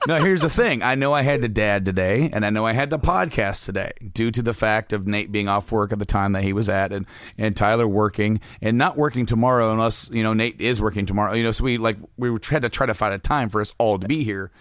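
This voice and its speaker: Hoarse man rambling on a podcast. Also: lowish voice, quick pace, a bit bright, no room sound, clean studio sound. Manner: rambling, self-deprecating storyteller. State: losing his voice. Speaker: podcast co-host. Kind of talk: casual chat.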